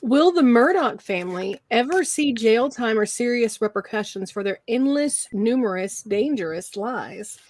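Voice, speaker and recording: A woman co-hosting a casual tarot livestream, reading out viewer questions and agreeing warmly with her partner. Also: on the high side, animated, no room sound. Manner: unhurried, agreeable, many affirming yeses.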